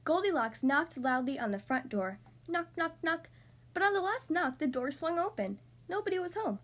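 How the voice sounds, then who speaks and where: Woman, storybook reading for kids, high voice, very lively delivery. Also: brisk. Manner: expressive, animated. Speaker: podcast host reading to children.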